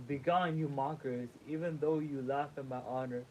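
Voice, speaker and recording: A man's voice: mid-range voice, steady tone, normal speed, dark tone, a little hiss or hum, rough recording. A sleepy man reading a sacred text aloud as a livestream host, stumbling over words, rereading them and making casual asides.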